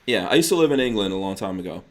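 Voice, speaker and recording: A man's voice: fairly low pitch, animated, rapid-fire. A man hosting a podcast in casual chat, joking and teasing his guest and laughing often. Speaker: podcast host.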